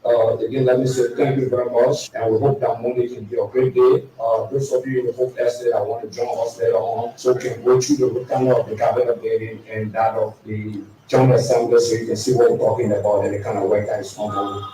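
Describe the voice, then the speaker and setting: A man addresses a press briefing in a warm, mellow voice. He is emphatic, repeats his points, and fills pauses with uh. He is recorded from a distance in a very echoey room. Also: medium pitch, little pitch movement, slight background noise. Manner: emphatic, repeats key points, many uh fillers.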